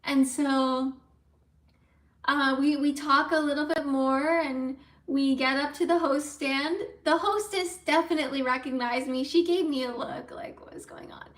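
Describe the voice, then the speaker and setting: A young woman vlogger telling a story in a casual, chatty, excitable way, full of likes and ums. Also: sits high, measured pace. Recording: roomy, from a distance off mic.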